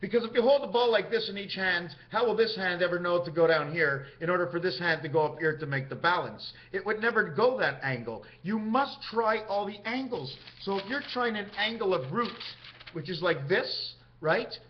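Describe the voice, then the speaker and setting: A man's voice: sits high, animated, normal speed, muffled recording. A man talking straight to camera in a rambling, free-associating monologue that jumps from topic to topic. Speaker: vlogger.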